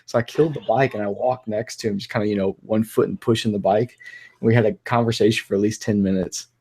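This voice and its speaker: Fast-talking man telling road stories. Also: on the low side, husky. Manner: fast, animated storyteller. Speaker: motovlogger co-host. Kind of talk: casual storytelling chat.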